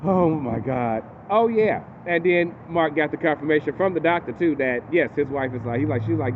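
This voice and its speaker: Animated guy w/ recapping an episode, kinda high voice, tinny phone sound. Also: brisk, few pauses, noisy background. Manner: animated, acts out characters in quotes. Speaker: TV recap host.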